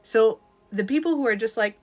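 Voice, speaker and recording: A Canadian woman coaching in a casual livestream talk, swinging into sudden loud outbursts. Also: on the high side, normal speed, faint music behind. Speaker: life coach. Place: at home, streaming live. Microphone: phone.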